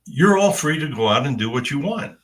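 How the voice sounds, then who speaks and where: A man delivering a spiritual message in the first person, in deliberate, halting phrases with long pauses. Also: mid-range voice, very animated, fairly bright tone, recorded from a distance.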